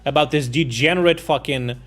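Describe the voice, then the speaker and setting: A man's voice: a little high, brisk, fairly bright tone, soft background music. A man live-streaming, reading out war news headlines and commenting on them in a casual, irreverent way, swearing and laughing as he goes and stumbling over names.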